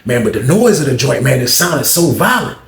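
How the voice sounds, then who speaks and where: A man's voice: mid-range voice, brisk, gravelly, roomy sound. A man casually telling a long story and acting out the people and sounds in it. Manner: animated, acts out the people and sounds in his story.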